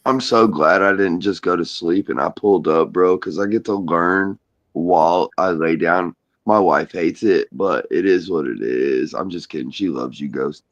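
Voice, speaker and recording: A man's voice: low-pitched, normal speed, dry recording, dull audio. A man joining a livestream by call, chatting in a laid-back, joking way. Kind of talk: casual livestream chat.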